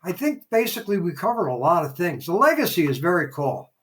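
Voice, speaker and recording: Older man, animated raconteur. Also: sits high, a little fast. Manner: animated raconteur who acts out quoted dialogue. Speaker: podcast guest. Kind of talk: casual interview storytelling.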